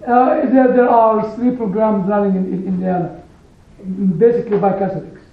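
Animated, emphatic man in an echoey room. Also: high voice. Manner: animated, emphatic, pauses to stress single words. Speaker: teacher leading a Bible study group. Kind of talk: storytelling to a small group. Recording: echoey room on a phone-like recording.

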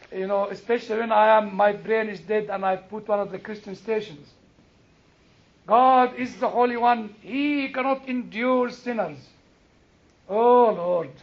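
A male preacher giving an animated sermon, questioning his congregation, exclaiming and laughing as he teaches. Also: very high-pitched, dull audio.

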